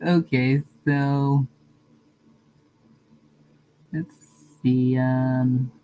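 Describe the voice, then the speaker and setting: A woman's voice: rumbling low, little pitch movement, very slow, dull audio. A woman streamer chatting casually with her viewers, answering comments and laughing often. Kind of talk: casual live-stream chat.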